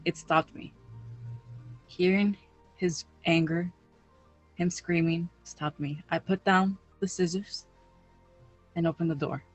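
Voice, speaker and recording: A teenage girl giving a live personal storytelling performance on stage, slow and emphatic in a dramatic delivery to an audience. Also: on the low side, steady tone, faint music behind. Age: teens. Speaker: teen storyteller.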